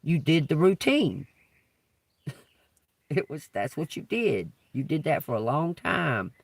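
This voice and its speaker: A man's voice: a little high, sing-song, takes it slowly, creaky, no echo, recorded from a distance. A man doing a live-stream tarot reading, talking casually, swearing freely and laughing often. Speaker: tarot reader.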